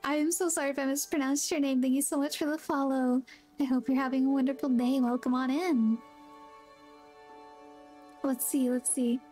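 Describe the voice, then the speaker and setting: A woman streamer chats casually while she plays, greeting viewers and reading out their messages. Her voice is high and friendly. Soft background music runs beneath her talk. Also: little pitch movement, moderate pace, pauses often. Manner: chatty, reads chat aloud, friendly greetings. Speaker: game streamer. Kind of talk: casual gameplay chat.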